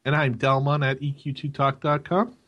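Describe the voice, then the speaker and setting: A man's voice: mid-range voice, fairly even intonation, normal speed, muffled recording. A man co-hosting a gaming podcast, teasing his co-host in casual banter with chuckles.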